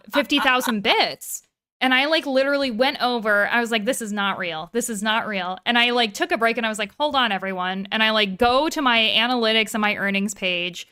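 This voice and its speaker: A woman co-hosting a gaming podcast in casual conversation. Her voice is bright and smooth, and she talks in animated, rambling bursts, swearing freely. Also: on the high side. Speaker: streamer and podcast co-host. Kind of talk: casual chat.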